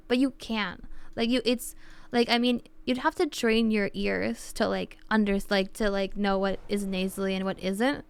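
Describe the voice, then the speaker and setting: A young woman talks casually to her live-stream viewers, wandering through explanations with constant "like"s and false starts. Her voice is very smooth and crisp, with a gravelly fry underneath. The sound is close and dry. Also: mid-range voice, fairly even intonation, normal speed, no echo. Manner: rambling, heavy use of "like", explains with restarts.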